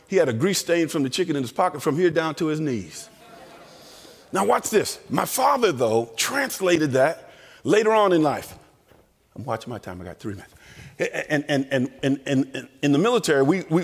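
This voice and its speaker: A man telling lively family stories in a chapel sermon, acting out the voices. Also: on the high side, long reverb tail. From American South. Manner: animated storyteller acting out voices. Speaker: chapel speaker. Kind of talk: storytelling sermon. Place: college chapel.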